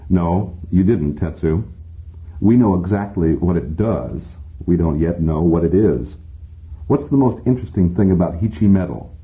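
A man reads as a matter-of-fact male professor who explains things briskly to his class. The voice is very deep. It is thin and tinny, like a phone line. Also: animated. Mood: lecturing. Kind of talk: audiobook reading.

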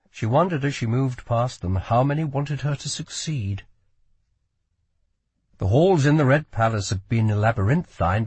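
A man narrating an audiobook in scripted, expressive storytelling style. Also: mid-range voice, breathy edge, no room sound.

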